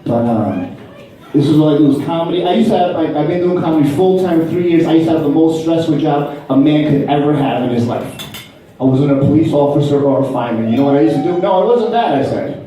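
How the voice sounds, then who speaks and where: A man's voice: on the high side, expressive, fast, dark tone, very echoey, distant mic, a little hiss or hum, low-quality recording. Brash profane man doing stand-up. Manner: brash, profane, acts out voices. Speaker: stand-up comedian. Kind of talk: stand-up comedy set. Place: comedy club stage before a laughing audience.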